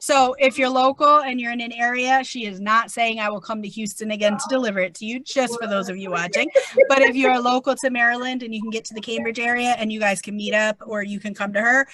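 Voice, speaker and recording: A woman with a New England accent hosting a casual faith chat, talking in an animated, chatty way with plenty of fillers. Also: fairly high pitch, fairly quick. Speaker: host.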